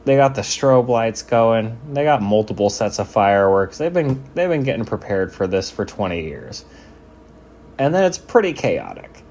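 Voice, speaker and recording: A man's voice: on the low side, big pitch swings, moderate pace, a little mellow, a little hiss or hum. A man giving casual, joking commentary over game footage, laid-back and swearing freely. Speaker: sports video commentator.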